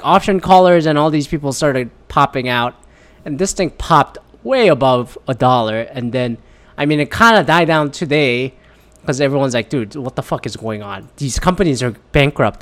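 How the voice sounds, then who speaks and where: A man ranting casually and sardonically, swearing often and rambling between thoughts. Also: a little high. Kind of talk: casual rant.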